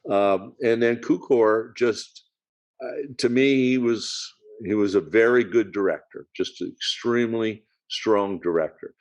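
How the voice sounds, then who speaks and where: A man's voice: on the low side, unhurried. A man co-hosting a podcast, talking casually about old films with many fillers and restarts. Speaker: podcast co-host. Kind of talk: casual film discussion.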